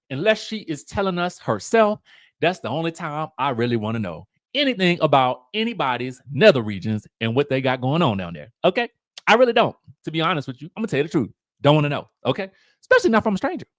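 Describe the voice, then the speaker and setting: Chatty, animated male recap host. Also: fairly high pitch. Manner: animated storytelling, acts out quotes in raised voices; chatty, drawn-out and emphatic. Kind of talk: casual commentary vlog.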